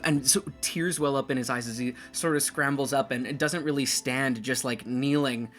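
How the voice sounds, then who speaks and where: A man narrating as game master of a tabletop game, talking in a lively way with many fillers. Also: medium pitch, normal speed, soft background music.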